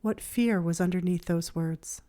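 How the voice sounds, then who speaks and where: A woman with a somewhat low voice hosts a reflective parenting podcast. She speaks slowly and softly, like a therapist guiding listeners through a quiet moment. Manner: gentle, measured, soothing. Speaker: child therapist and podcast host. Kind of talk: scripted reflective podcast narration.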